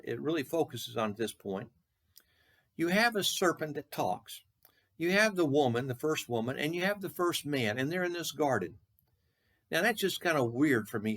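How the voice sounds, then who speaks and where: A preacher from Texas delivers a short devotional with a gravelly, somewhat husky voice. He speaks earnestly, rising for emphasis and slowing down to repeat his questions. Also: medium pitch, fairly bright tone.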